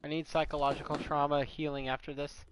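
A man's voice: a little high, flat delivery, quick pace, slight background noise. A man streaming a horror game, speaking as a frightened little child in a whiny, childlike voice and crying out when startled. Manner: whiny childlike voice, playing as a scared toddler; jumpy, cries out in fright. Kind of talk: let's play commentary.

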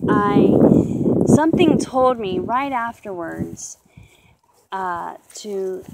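A woman giving a personal faith testimony in an earnest, halting way, often pausing with "you know". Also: medium pitch, a little hiss or hum, rough recording. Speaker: testimony speaker.

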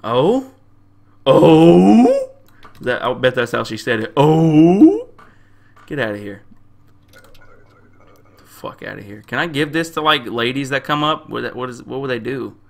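Young male gamer, mid-pitched and bright, crude trash-talking commentary. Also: brisk, gravelly, few pauses. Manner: loud, crude trash talk at game characters; slangy, repeats himself. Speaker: gamer playing a game. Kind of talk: profane casual gameplay commentary.

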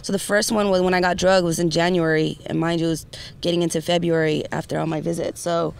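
A young woman from Orange County telling her story as an interview guest, animated and quoting others. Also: fairly low pitch, fast, vocal fry, clear, resonant tone. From Orange County, California.

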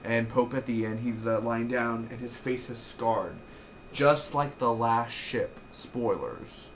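A young man giving an excitable, rambling casual review of a TV episode, with lots of fillers. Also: mid-range voice, slow, a little hiss or hum.

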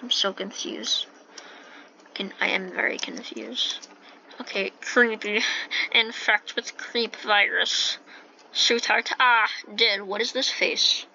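A woman commentating a game at an unhurried pace, reading on-screen text aloud and wondering out loud at it. Her voice is bright and a bit sharp. It comes through a dull, lo-fi mic with a faint hiss behind. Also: medium pitch, animated, gravelly. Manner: reads game text aloud with puzzled remarks. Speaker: gameplay video host.

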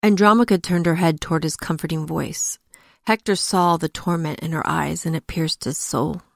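A woman hosting a storytelling podcast, narrating and commenting in a measured, reflective way. Her voice is low and gravelly, recorded close and dry. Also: steady tone, dry recording.

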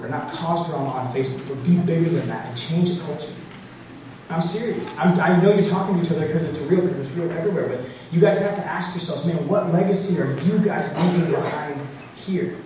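A young man giving a storytelling motivational speech to students at a school assembly, full of casual "like" fillers. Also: fairly high pitch. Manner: animated storytelling, frequent "like" fillers. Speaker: motivational speaker. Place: large school gym or auditorium. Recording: very echoey hall, distant, noisy.

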